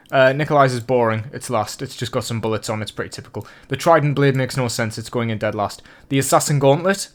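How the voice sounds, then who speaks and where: Dude doing a game review vlog, talks fast and excited, kinda rambly and self-deprecating when he's unsure. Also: mid-range voice. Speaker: video game commentator. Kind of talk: scripted review narration and off-the-cuff ranking.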